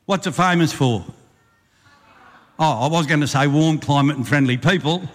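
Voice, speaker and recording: An older man with an Australian accent performs a rhyming bush poem, riding its beat and slipping in chuckles. His voice sits a little high. The live stage sound carries a long hall reverb. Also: moderate pace. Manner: lively rhythmic recitation with chuckles. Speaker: bush poet and compere. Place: live venue with audience.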